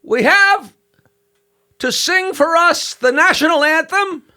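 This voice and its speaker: A booming boxing ring announcer stretches every name and weight out in grand, slow sweeps, pitched well above a talking voice and ringing bright. A man acts him out while telling a joke. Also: full character voice. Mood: grandiose.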